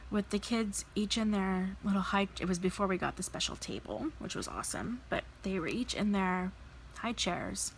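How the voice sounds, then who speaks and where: A woman in her thirties, a vlogger telling a personal story in a candid, animated way, acting out the people she quotes. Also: medium pitch, slight background noise, rough recording. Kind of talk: casual storytelling while crafting.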